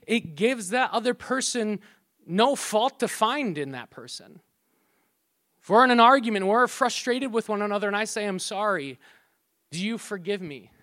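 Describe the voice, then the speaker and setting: A man's voice: sits high, a bit bright. A middle-aged man preaching as pastor in a conversational way, joking asides and acting out quarrels, often repeating and restarting words. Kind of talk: sermon.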